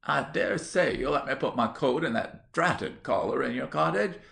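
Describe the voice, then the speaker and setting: A man's voice: mid-range voice, lively intonation, moderate pace, vocal fry, fairly bright tone, pitched above the performer's own voice. A man voicing a good-natured young country lad who chats in broad rustic dialect. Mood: chatty.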